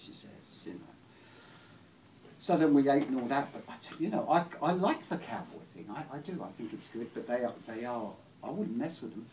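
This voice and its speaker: Rambling English comedian with a lively voice. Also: male voice, medium pitch, measured pace. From England. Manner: rambling and giggly. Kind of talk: stand-up comedy. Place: small venue. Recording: distant mic in a venue, faint noise.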